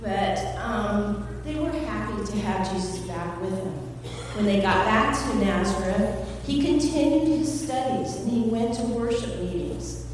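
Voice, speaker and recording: A woman's voice: medium pitch, measured pace, recorded from a distance, a little hiss or hum. Woman telling a bible story in an echoey hall. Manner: animated, playful voices for characters. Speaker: teacher and storyteller. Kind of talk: children's sermon storytelling.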